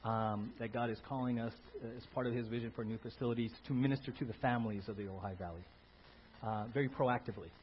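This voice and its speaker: A pastor addresses his congregation with animated energy, stopping and restarting with frequent fillers. The recording is dull and lo-fi, with a faint hum under his voice. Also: mid-range voice. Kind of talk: church announcement. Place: church sanctuary.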